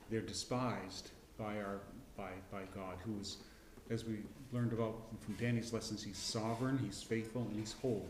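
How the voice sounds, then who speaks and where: A middle-aged man teaching a casual Bible class, folksy and rambling, with frequent restarts and throat clearing. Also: lowish voice, a little mellow, echoey room, slight background noise. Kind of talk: casual Bible lesson with personal story. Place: church classroom.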